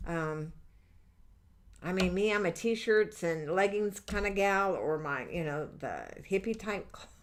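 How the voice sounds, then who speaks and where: On her live angel-reading stream, a middle-aged woman speaks in a lowish, expressive voice without hurrying. She rambles candidly with many fillers and reads viewer comments aloud, with slight noise in the background.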